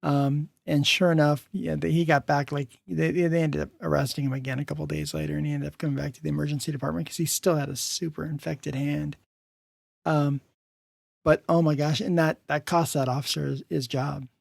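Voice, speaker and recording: This is a man hosting a podcast, chatting casually and telling a story with plenty of fillers and false starts. His voice has a gravelly, fry-heavy texture. It sits a bit high for a man, and the sound is close and dry. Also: level tone, brisk, no room sound. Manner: storytelling with many fillers and restarts. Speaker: podcast host. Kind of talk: casual interview chat.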